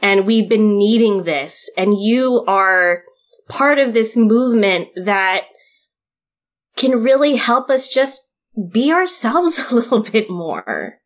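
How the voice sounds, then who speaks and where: Slow, emotional woman co-host. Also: on the high side, big pitch swings.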